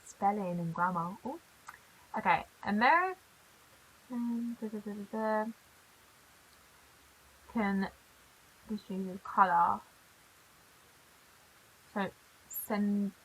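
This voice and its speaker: A young British woman casually reacting on camera to things she reads aloud, chatting with quick asides. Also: medium pitch, a bit bright, slightly rough, poor audio. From Britain. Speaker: reaction vlogger.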